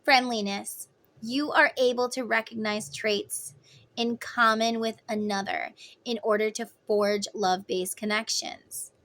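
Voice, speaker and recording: A woman's voice: fairly high pitch, fairly even intonation, a little slow, a bit bright. A woman giving a casual tarot reading, talking in an emphatic, chatty way. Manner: emphatic, chatty, acts out voices in quotes. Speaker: tarot reader.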